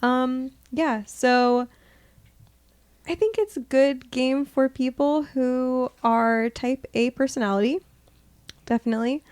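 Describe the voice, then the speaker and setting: A woman's voice: high-pitched, takes it slowly, clear, resonant tone. A woman in casual chat, speaking animatedly and filling her sentences with "like" as she acts out what others say. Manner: animated, lots of "like" fillers, acts out quotes. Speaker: podcast guest.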